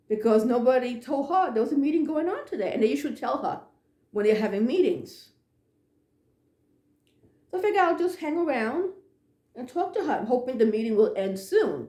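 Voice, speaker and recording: A woman telling a ghost story in a casual, animated way, acting out the dialogue and sometimes dropping to a hush. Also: fairly high pitch, echoey room. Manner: animated, acts out dialogue, drops to hushed tones.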